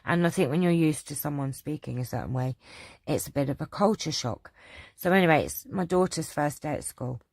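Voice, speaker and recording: A woman's voice: low-pitched, a little fast, gravelly, darkish tone, no echo. Chatty older Cockney woman, dry sound. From London. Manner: rambling storyteller, many ums and restarts. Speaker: channel host answering viewer questions. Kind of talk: casual chat.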